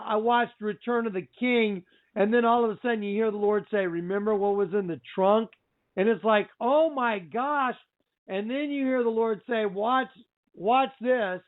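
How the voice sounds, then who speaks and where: Animated man on a tinny phone line. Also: sits high. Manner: animated, repetitive storytelling. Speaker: radio show host. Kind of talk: retelling a movie in casual preaching talk.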